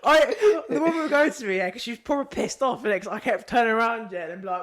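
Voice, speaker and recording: Brief: young guy, podcast co-host, high voice, keeps cracking up mid-story. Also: fast, hardly any pauses. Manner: excitable, laughing storyteller. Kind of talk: casual chat.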